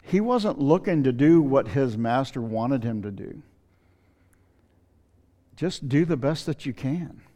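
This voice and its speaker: A man preaching a sermon in an earnest, pleading way, slowing down to stress scripture. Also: mid-range voice, animated, warm tone. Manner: earnest, pleading, reads scripture aloud with slow emphasis. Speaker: pastor. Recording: long reverb of a hall.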